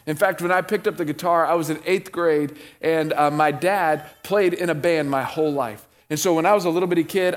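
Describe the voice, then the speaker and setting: A middle-aged man preaching a sermon in a conversational tone, slowing and dropping his voice low when he reads scripture. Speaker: pastor.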